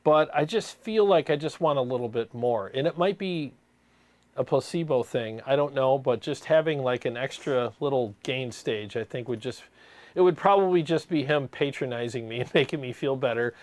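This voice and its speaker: A man's voice: medium pitch, animated, normal speed, dry recording. A man hosting a gear livestream, chatting casually and laughing often, calling people "man". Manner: laid-back, laughs often, says "man" a lot.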